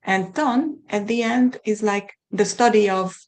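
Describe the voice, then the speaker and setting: A middle-aged woman from Hungary with a Hungarian accent, a podcast guest talking thoughtfully and often pausing to find her words. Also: mid-range voice. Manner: thoughtful, searching for words with many restarts. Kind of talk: conversational interview.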